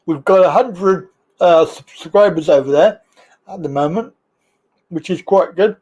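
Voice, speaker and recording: High-voiced Brummie man hosting a livestream. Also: measured pace, darkish tone, husky, highs cut off. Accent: Birmingham. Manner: chatty, rambling, teasing. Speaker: livestream host. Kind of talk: casual live-stream chat.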